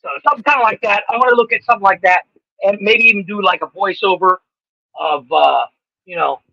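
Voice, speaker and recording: A man with a high, bright voice co-hosting a comedy podcast. He talks in an easygoing, offhand way. The sound is dry and dull, like a cheap mic. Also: fairly quick, gravelly, no echo. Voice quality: high voice, self-described as sounding like a little girl. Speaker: podcast co-host. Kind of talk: casual comedy podcast banter.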